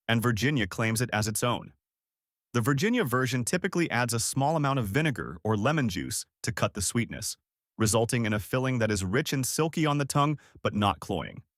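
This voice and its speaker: A man giving scripted documentary narration in a measured, declarative way, with clipped short sentences. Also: medium pitch, fairly bright tone, no echo, studio quality.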